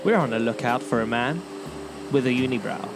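A man putting on a gruff male detective, speaking slowly in a low, grave voice. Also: music in the background, close to an everyday voice.

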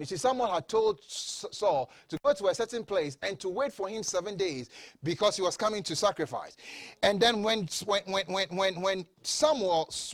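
A man's voice: high voice, no echo. A man preaching a sermon with emphasis, repeating phrases, leading the congregation in call-and-response, and often stammering over restarts.

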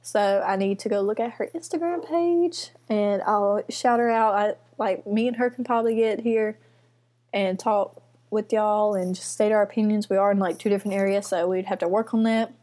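A young woman hosting her first solo podcast from her apartment, chatting in a rambling, nervous and excited way with lots of fillers. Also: medium pitch, moderate pace. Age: young adult. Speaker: podcast host. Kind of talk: casual solo podcast chat. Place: student apartment. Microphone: computer mic.

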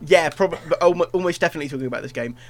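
Excitable, swearing male podcast host. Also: a little high, racing, a loud crowd. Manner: excitable, swears, stumbles over words. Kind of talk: casual podcast chat.

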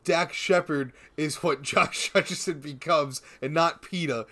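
A man's voice: on the high side, unhurried, bright, forceful tone. A young man co-hosting a podcast, joking and rambling in casual comedic chat, laughing often. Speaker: podcast co-host.

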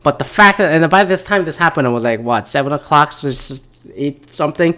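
A man with a somewhat high voice talks alone in a loose, rambling monologue. He swears freely and keeps drifting off on tangents as he vents. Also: expressive, fairly quick, sharp tone. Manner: rambling, profane, goes off on tangents. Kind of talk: casual ranting monologue.

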